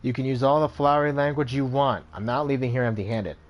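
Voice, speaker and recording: A man's voice: mid-range voice, steady tone, fast, muffled recording, close to an everyday voice. A man voicing a blunt, pushy male mercenary hero in a video game.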